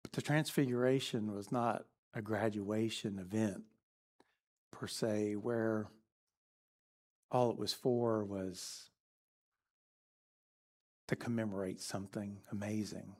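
A man preaching a sermon, telling a story in a lively way that shifts between energetic and hushed. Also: lowish voice, takes it slowly, pauses often.

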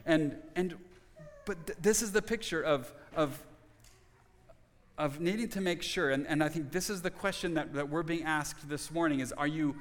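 A middle-aged pastor preaches a sermon earnestly in a church sanctuary, often repeating words as he restarts a thought. His voice is fairly high and moderately paced, carried by the long reverb of a church hall.

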